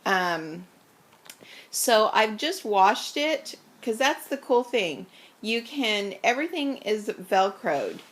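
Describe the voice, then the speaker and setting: A woman's voice: mid-range voice, sing-song, slow pace, a bit bright, recorded from a distance. A woman at home doing a casual product demo in a rambling, chatty way with lots of ums, out of breath as she moves about. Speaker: home video reviewer. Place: at home, indoors. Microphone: camera set away from her. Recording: echoey room, off-mic, noisy.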